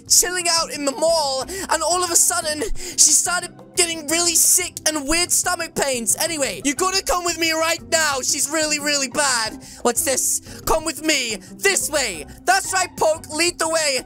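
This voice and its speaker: A woman hosting a game video, narrating a roleplay story in an excitable, theatrical way and talking straight to her viewers. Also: very high voice, unhurried, hardly any pauses, soft background music. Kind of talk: playful roleplay narration over gameplay.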